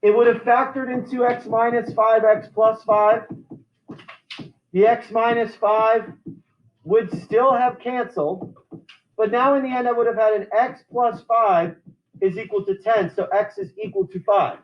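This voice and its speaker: A man's voice: high voice, steady tone, unhurried. A man teaching a math class, explaining algebra steps one at a time with frequent restarts. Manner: explains step by step, with many restarts. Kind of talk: classroom lecture. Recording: roomy, distant, dull lo-fi sound.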